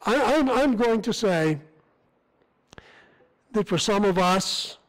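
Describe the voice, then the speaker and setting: A man's voice: sits high, expressive, takes it slowly, poor audio. A man preaching as a visiting missionary, speaking in an earnest, conversational manner with frequent restarts. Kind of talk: sermon. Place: church sanctuary.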